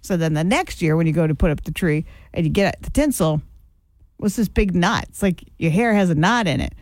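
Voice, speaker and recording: A woman with a lowish voice co-hosts a morning radio show from a studio, heard through a studio microphone on a dry recording. She talks fairly quickly, bantering casually and telling animated stories with frequent laughs.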